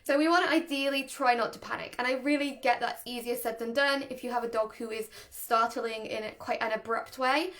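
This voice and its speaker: A woman's voice: on the high side, fairly even intonation, brisk, few pauses, a bit bright. A woman, a dog trainer, giving a chatty, casual lesson and often laughing. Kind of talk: casual instructional talk.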